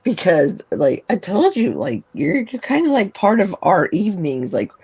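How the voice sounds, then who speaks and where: A woman whose voice leaps wildly in pitch as she rambles and giggles through casual chat. The recording sounds dull and lo-fi. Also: very animated, normal speed, a little mellow, slightly rough. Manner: giggly and rambling, many "like" fillers. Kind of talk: casual late-night chat.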